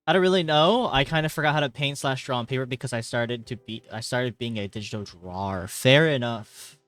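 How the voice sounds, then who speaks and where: A man's voice: medium pitch, brisk, no echo. A young man talking casually on a late-night live stream from his bedroom, rambling and joking as he greets viewers with sudden bursts of energy. He sounds a little tired. The sound is dry and close, with faint music underneath. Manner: rambling, jokey, reads chat aloud with sudden loud greetings. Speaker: livestreamer. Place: hot bedroom.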